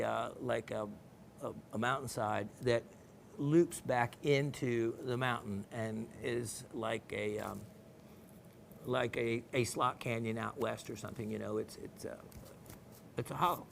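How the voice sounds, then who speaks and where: Middle-aged Southern man, gemstone show host, gravelly and chatty, easygoing delivery. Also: medium pitch, fairly even intonation, measured pace, slight background noise. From American South. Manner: folksy, rambling, playful, with frequent fillers and laughs. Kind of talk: casual chat reading viewer messages.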